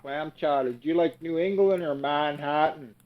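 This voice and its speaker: A man's voice: on the high side, normal speed, lo-fi sound. A man chatting casually as a co-host, giving brief laid-back replies. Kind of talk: casual chat.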